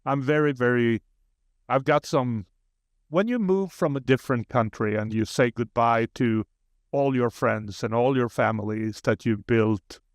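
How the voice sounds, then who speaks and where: A man's voice: medium pitch, unhurried, dry recording, clean studio sound. A man from Sweden with a Swedish accent, a guest on a podcast, talking in a humble, earnest way with frequent restarts. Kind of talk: casual interview chat.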